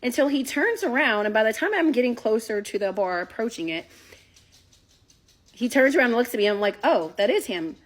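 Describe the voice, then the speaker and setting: A woman telling a story in a casual, animated way, talking straight to her listeners and swearing freely. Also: fairly high pitch, brisk. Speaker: storyteller recounting a date.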